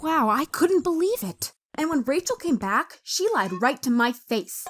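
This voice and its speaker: Woman, storytime narration, dramatic, high voice, very lively. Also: a little slow, few pauses, faint music behind. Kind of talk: scripted first-person story narration.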